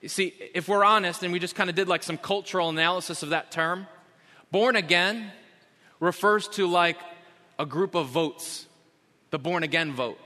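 A male pastor delivers a sermon in a high, bright voice. He is emphatic, slowing down and repeating key phrases. The sound carries a long church-hall reverb. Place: church sanctuary.

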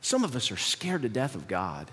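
A man's voice: mid-range voice, huge pitch swings, moderate pace, fairly bright tone, slightly rough. Man preaching in a reverberant hall. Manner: conversational preaching with rhetorical questions. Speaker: pastor. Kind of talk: sermon. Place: church.

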